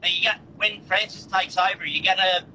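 A man's voice: sits high, steady tone, brisk, background noise. An Australian man calling in to a radio quiz, joking and laid-back. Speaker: caller. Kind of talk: casual phone-in chat.

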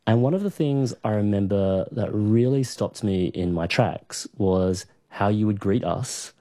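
A woman's voice: rumbling low, measured pace, warm tone, no echo, clean studio sound. A woman hosting an interview, asking questions and reacting with laughs. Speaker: interviewer host.

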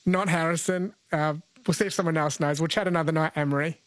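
A man hosting a live radio quiz, brisk and chatty. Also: on the high side, fairly even intonation.

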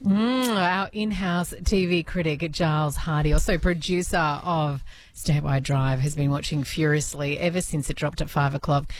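Australian woman, radio host, lowish voice, brisk chatty questions. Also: fairly even intonation, slight background noise. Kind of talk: radio presenting and interviewing.

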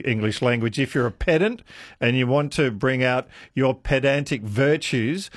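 A man's voice: medium pitch, no echo, studio quality. A man hosts a radio talk show. He speaks in an upbeat, conversational way and reads out texts from listeners. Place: radio studio. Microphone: studio microphone.

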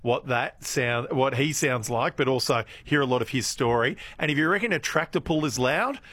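A man with an Australian accent presenting on radio, animated and joking. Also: mid-range voice, moderate pace. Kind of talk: casual radio banter. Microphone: studio mic.

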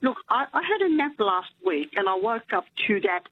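A woman's voice: mid-range voice, very animated, moderate pace. A woman calling in to a radio show, chatty and stammering. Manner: stammering, repeats words, chatty. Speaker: caller. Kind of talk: casual call-in chat. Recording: tinny phone line.

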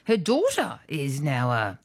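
A woman co-hosting a casual radio chat, brisk and teasing. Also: low voice, huge pitch swings, slightly rough, no echo, studio quality. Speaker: radio co-host.

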